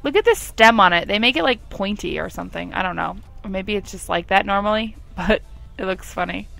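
Young woman, gravelly tone, chatty let's play commentator who talks to her characters and giggles a lot. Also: medium pitch, fairly quick, sharp tone. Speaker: gameplay commentator.

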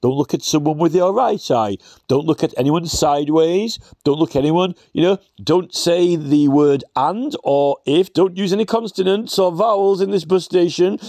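A man playing a pompous male station announcer who lists absurd rules in a deadpan official tone. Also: a little high, normal speed, few pauses, no room sound, voice pushed down, close to an everyday voice. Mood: officious.

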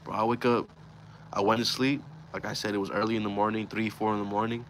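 A young man with a fairly low voice, talking loosely and profanely as he recounts a story from his own life. His delivery is casual and slangy, with plenty of restarts. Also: level tone, quick pace, fairly bright tone, a little hiss or hum. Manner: slangy, profane, rambling retelling. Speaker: vlogger telling a personal story.

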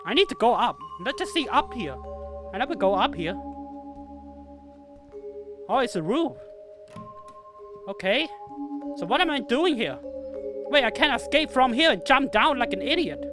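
Excitable woman yelling at a horror game. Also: a little high, a little slow, pauses often, music in the background. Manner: excitable, swears and yells at the game. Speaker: gaming video host. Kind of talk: let's-play commentary.

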